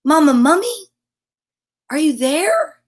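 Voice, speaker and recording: Storybook little boy mummy, timid, slow plaintive calls, high voice, woman reading it. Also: sing-song, exaggerated voice. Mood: timid calling.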